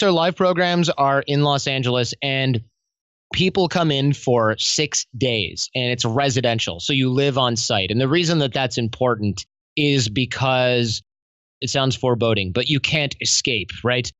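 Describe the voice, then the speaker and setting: A man talking as a guest in a casual podcast interview, telling stories in a lively, slangy way. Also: medium pitch, dry recording, muffled recording. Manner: animated, slangy storytelling. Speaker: podcast guest, self-development coach.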